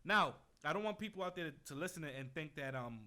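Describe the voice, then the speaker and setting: Brief: young male co-host, bright and higher-pitched, swaggering, profane storyteller. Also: animated, fairly quick. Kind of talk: casual chat.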